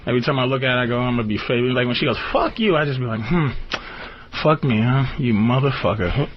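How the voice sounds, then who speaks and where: A man hosting a call-in radio show, ranting comically and profanely, jumping into high squeaky outbursts and laughing often. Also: expressive, very fast, a little hiss or hum. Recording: dull lo-fi radio broadcast.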